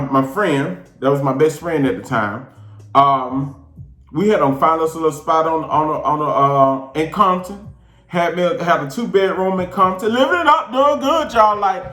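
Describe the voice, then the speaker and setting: This Southern-accented show host from Georgia tells a story from his own life in a relaxed, slangy, animated manner, his voice rising and falling dramatically. His voice sits high, and the sound is reverberant.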